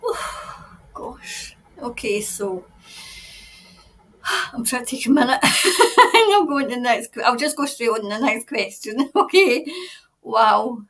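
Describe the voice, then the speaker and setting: Scottish woman, high-pitched, tarot reader, emotional, shaky and breathless. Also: expressive, unhurried, fairly bright tone. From Scotland. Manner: emotional, breathless, stops to compose herself. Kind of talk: tarot reading video.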